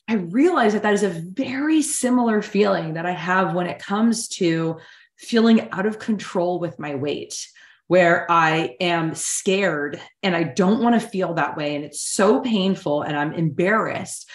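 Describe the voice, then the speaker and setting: Woman coach in her thirties, candid and rambling, slightly low voice, recorded in an echoey room. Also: lively intonation, a little slow. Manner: conversational, many fillers, emotionally open. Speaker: hypnotherapy coach. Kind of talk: casual personal storytelling lesson.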